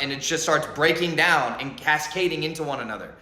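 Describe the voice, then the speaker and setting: A man delivers a spiritual monologue with an intense, repetitive drive. His voice is bright and forceful and sits a little high. The sound rings around an echoey room. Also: fairly quick, few pauses. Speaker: spiritual speaker.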